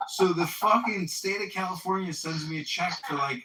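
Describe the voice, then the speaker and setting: A man's voice: fairly high pitch, fairly quick, hardly any pauses, bright, forceful tone. A man hosting a casual chat, telling profane stories and acting out the voices of the people in them. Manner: profane storytelling, acts out voices. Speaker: host. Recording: roomy, distant from the mic.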